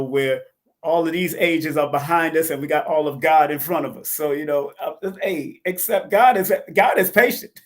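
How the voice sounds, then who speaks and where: A man hosting an online talk show, chatting animatedly and often repeating words, his voice a bit worn. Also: fairly high pitch. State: losing his voice. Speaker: host. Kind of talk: casual interview chat.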